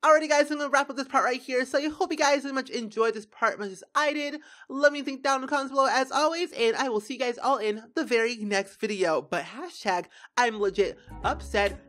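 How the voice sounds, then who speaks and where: A young woman casually commenting on her own gameplay, chatty and quick to react. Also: high-pitched, a bit bright. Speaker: gaming YouTuber. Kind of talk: casual let's-play commentary.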